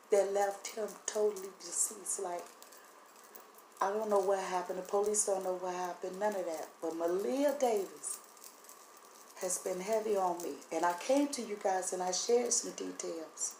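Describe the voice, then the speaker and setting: A woman speaks haltingly to her camera, her voice breaking as she holds back tears. The room around her is echoey, and a faint hum of background noise sits under her words. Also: mid-range voice, gravelly, mellow. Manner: earnest, halting, voice catching with emotion. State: voice breaking, teary. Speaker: vlogger sharing spiritual impressions. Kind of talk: emotional direct-to-camera talk.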